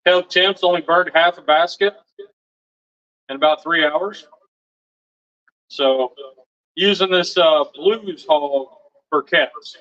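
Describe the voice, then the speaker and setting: A middle-aged man chatting casually to his livestream viewers, rambling from one thing to the next in a slightly high voice. He sounds set back from the microphone, and the recording is dull and muffled. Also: bright, forceful tone. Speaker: livestream host and home cook. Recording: dull, distant mic.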